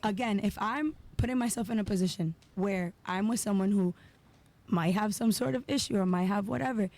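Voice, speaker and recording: A woman's voice: medium pitch, fairly quick, a little mellow. A woman guest on a podcast who argues her point emphatically and uses casual slang. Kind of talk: casual debate.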